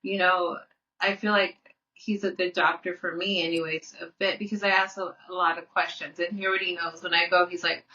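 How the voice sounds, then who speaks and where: A woman's voice: on the low side, flat delivery, fairly quick, bright, forceful tone, distant mic. A woman co-hosting a podcast in casual chat. She talks earnestly, restarts often and repeats her words. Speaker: podcast co-host. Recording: muffled audio, off-mic.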